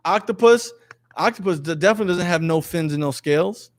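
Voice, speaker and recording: A man's voice: high voice, brisk. A man teaching a lesson to a class, quizzing his students in a jokey way and reading passages aloud. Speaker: religious teacher.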